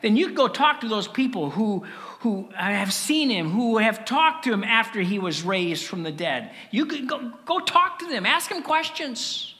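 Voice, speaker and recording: A man preaching a sermon with earnest rhetorical questions and dramatic pauses. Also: high-pitched, big pitch swings, pushed and bright, big-room sound. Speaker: pastor.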